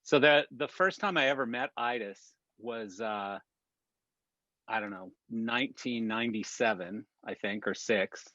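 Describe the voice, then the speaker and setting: A man's voice: lowish voice, measured pace, sharp tone, no room sound. Profane, laughing man telling stories on a call. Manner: profane, laughing anecdote-teller. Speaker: regular on a weekly industry chat. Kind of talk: casual chat, storytelling. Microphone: video call. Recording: dull dry video-call audio.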